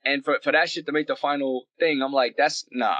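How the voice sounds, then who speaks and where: A man guest on a casual podcast call, telling a story in an animated way and acting out bits of dialogue. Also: medium pitch, dry recording, highs cut off. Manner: animated, acts out dialogue in quick bursts. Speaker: guest actor.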